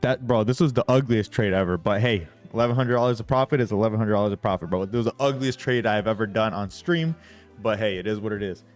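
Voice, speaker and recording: A man's voice: lowish voice, quick pace, soft background music. A young man hosting a trading livestream, talking brashly to his chat, swearing often and hyping himself up.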